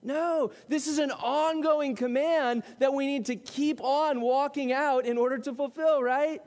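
A man's voice: extremely high pitch, fairly even intonation, unhurried, a little mellow. A pastor preaching a sermon to his church, emphatic and full of rhetorical questions. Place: church sanctuary. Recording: long hall reverb.

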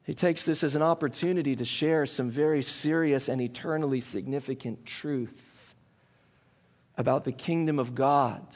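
A man preaching a sermon as a pastor, earnest and emphatic, moving between stressed peaks and quiet, grave passages. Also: a little high, fairly quick, few pauses, long reverb tail.

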